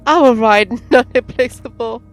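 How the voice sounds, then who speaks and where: A woman streamer reading the game's text aloud, slow and careful, with laughing asides. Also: a little high. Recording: faint game music behind.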